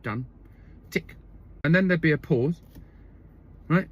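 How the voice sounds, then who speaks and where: Guy doing a comic story monologue, slightly high voice, keeps saying right? okay?. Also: animated, slow, slightly rough, dull audio. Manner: wry, repeats "okay?" and "right?" for emphasis. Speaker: comedian telling a story.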